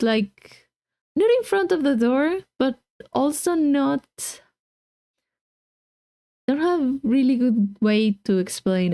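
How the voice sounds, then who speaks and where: A woman's voice: sits high, dark tone, no room sound, studio quality. A young woman streaming a game, chatting in a giggly, rambling way. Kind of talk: casual let's-play commentary. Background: faint game music.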